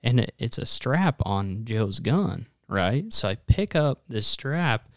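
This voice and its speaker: A man's voice: mid-range voice, sing-song, slow, no echo, studio quality. A young man co-hosting a hunting podcast, telling stories in a laid-back way with many fillers. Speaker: podcast co-host. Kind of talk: casual storytelling chat.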